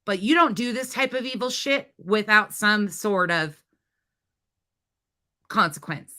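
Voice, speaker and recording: A woman's voice: mid-range voice, animated, measured pace, pushed and bright. A woman hosting a reaction commentary, ranting bluntly and indignantly with profanity and sarcastic mockery. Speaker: commentary channel host.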